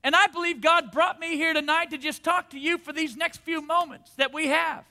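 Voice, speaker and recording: A man's voice: very high-pitched, fairly even intonation, moderate pace, pushed and bright. A man in his forties preaching a fervent sermon to a church congregation, calling on the audience to repeat after him. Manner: fervent preaching with call-and-response. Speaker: pastor. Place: church service.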